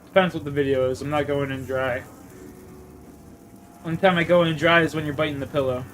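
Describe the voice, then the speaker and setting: A young man from Canada streaming a game and bantering with chat in a slightly high voice. His humor is crude and loose, with faint hiss behind him. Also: steady tone, brisk, a bit bright. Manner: crude joking, reading chat aloud. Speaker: livestreamer. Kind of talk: casual gaming livestream chat.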